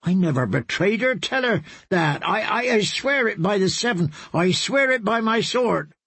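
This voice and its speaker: A woman's voice: mid-range voice, expressive, normal speed, a bit bright, breathy edge, no echo, pitched above the performer's own voice. A man voicing an earnest young woman knight who pleads and stammers her oaths. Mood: pleading.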